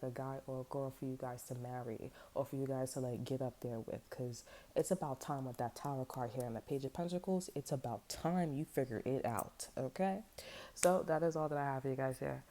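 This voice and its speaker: A woman with a low, mellow voice talks loosely and unscripted, a tarot reader who drifts into blunt, profane asides full of "like" and "you know". Her speech has features, and she jumps between stories before circling back to the reading. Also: fast talker. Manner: blunt, profane, rambling storytelling with lots of fillers. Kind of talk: casual unscripted tarot chat.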